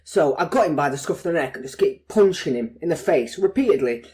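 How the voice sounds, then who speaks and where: A man's voice: on the high side, lively intonation, a little fast, darkish tone. A man co-hosting a podcast, telling stories in casual banter with laughter. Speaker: podcast co-host. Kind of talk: casual chat.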